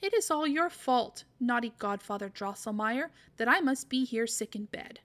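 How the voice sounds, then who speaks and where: A woman's voice: on the high side, animated, normal speed, fairly bright tone. A woman voicing a sick young girl who speaks in a plaintive, reproachful way in a read-aloud storybook. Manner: plaintive, pleading.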